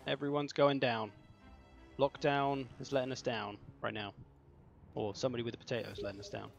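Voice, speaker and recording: A man from the south of England hosts a game tournament livestream in a gravelly, medium-pitched voice, brisk and fairly even in intonation. He chats casually, joking and self-mocking. His lo-fi mic sounds slightly dull, and faint music plays underneath.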